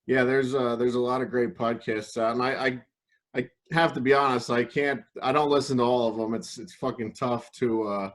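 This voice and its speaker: A man's voice: mid-range voice, steady tone, normal speed. A man co-hosting a podcast in casual chat, swearing and teasing his co-host.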